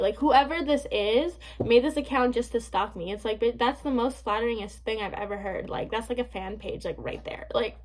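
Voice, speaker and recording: A young woman tells a casual storytime rant to her camera, her voice sitting a little high. She swears freely and leans on fillers, sounding amused and dismissive. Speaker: vlogger.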